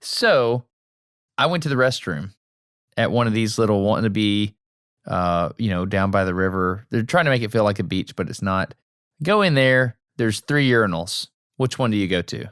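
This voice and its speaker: A man co-hosting a podcast in casual chat, telling stories with animated delivery and acting out lines he overheard. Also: lowish voice, moderate pace, clear, resonant tone, no echo, clean studio sound. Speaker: podcast co-host.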